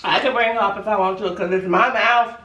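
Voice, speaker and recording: Sassy chatty woman, bright echoey voice. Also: medium pitch, fairly even intonation, brisk, muffled recording. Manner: chatty, sassy, talks straight to viewers. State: pregnant. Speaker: vlogger. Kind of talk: casual food challenge vlog. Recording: echoey room, mic at a distance.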